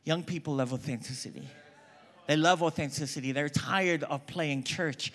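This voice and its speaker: Male conference preacher, lively storyteller, slightly higher voice, drops low when quoting others. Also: moderate pace. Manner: animated storyteller, quoting people in hushed voices.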